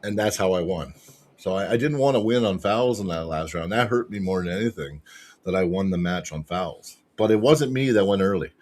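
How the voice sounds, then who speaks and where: A man telling a match story as a podcast guest, excitable and swearing constantly. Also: low-pitched, brisk. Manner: excitable, profanity-heavy retelling. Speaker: podcast guest, arm wrestler. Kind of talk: casual storytelling chat.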